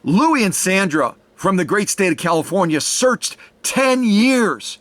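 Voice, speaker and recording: A man's voice: high voice, sing-song, measured pace, a bit bright, no echo. A man who restores vintage sewing machines, hosting his channel and making an effusive, repetitive fundraiser appeal to his viewers, whom he calls folks. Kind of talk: enthusiastic direct-to-camera fundraiser appeal.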